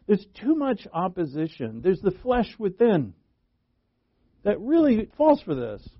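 A man's voice: fairly high pitch, no echo. A man preaching a sermon with emphatic bursts on key words and folksy asides. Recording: dull lo-fi dry recording.

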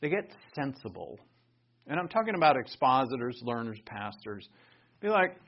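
A man's voice: a little high, sing-song, moderate pace, breathy edge, dull audio. A man teaching the Bible in an emphatic, conversational way, thinking aloud and restarting his sentences.

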